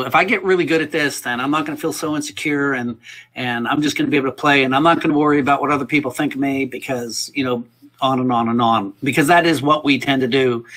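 A man's voice: medium pitch, quick pace, a bit bright. A man leading a music workshop, talking earnestly in a rambling, casual way, often repeating himself. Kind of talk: casual spoken workshop talk. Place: indoors, livestream.

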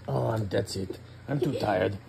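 A man's voice: fairly low pitch, measured pace, gravelly, dark tone, slight background noise, poor audio. A man voicing a grumpy, sarcastic male chimpanzee who grumbles and wisecracks through a bedtime story. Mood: whiny. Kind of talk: comic voice-over for a pet video.

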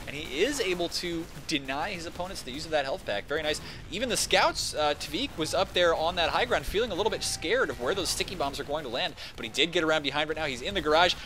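A man shoutcasting a competitive video game match, excitable and casual, rambling between calls. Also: fairly high pitch, fast, slight background noise. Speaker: esports shoutcaster. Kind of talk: play-by-play game commentary.

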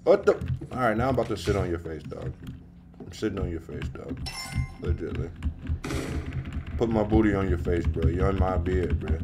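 A man's voice: normal speed, pauses often, very noisy. A man streaming a game live, talking in slangy trash-talk to other players. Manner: slangy, trash-talking, bursts into high excited yelling. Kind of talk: live gameplay commentary.

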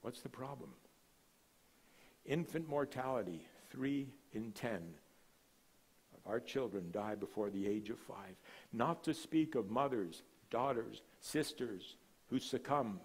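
With a mid-range, breathy-edged voice and a slightly slow pace, a male missionary preaches as a guest speaker. His sermon swells to dramatic proclamations before falling abruptly to near a hush. Between those peaks he relaxes into conversational storytelling and easy asides.

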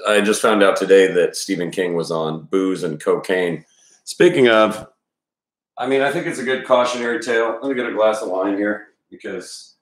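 A man's voice: low-pitched, roomy sound. A man giving casual, rambling commentary before reading a novel chapter aloud, full of fillers and restarts. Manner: rambling, many restarts and fillers, self-deprecating.

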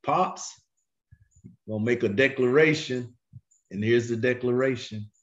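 A man teaching a Bible class, questioning his students and drawling key phrases slowly for emphasis. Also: medium pitch. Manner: animated, questions the class and waits for answers. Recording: dull lo-fi recording.

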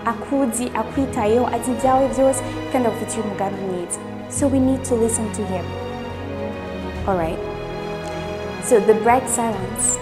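Woman, high voice, earnest emphatic host, music playing underneath. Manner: earnest, emphatic, repeats for stress. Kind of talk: earnest motivational talk.

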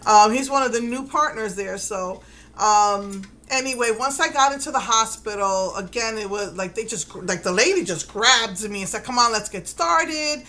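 A woman's voice: medium pitch, normal speed, bright, forceful tone, rough recording. A middle-aged mother chatting in a casual vlog, retelling events with quoted dialogue and nervous laughter. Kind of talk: casual personal vlog storytelling.

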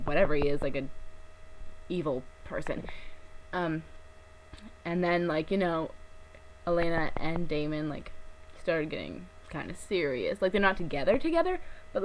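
Young woman vlogger, gushing, rambling, giggly, lively sing-song pitch, low-set voice, faint background hum. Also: low-quality recording. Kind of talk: casual chat to camera.

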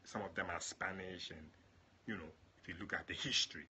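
A male prophet and pastor praying and then chatting affectionately with his online viewers, greeting them by name and jumping into high exclamations. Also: steady tone, a little fast, sharp tone, slight background noise. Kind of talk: livestream prayer and chat with viewers.

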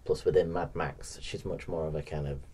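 Man, podcast co-host, deep voice, husky, hesitant, casual film chat. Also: fairly even intonation, a little fast, dark tone. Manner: hesitant, many fillers, laughs often.

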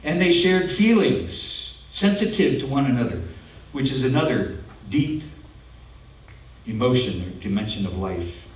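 A man's voice: mid-range voice, sing-song, a little slow. A man preaching a sermon as pastor, in an earnest, conversational way with personal asides, in a church. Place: church sanctuary. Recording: echoey room, mic at a distance.

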